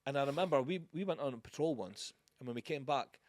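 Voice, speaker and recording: A man's voice: mid-range voice, lively intonation, fast talker, no room sound, clean studio sound. A man hosting a podcast, a former soldier who tells blunt anecdotes full of swearing. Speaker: podcast host. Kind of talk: casual chat.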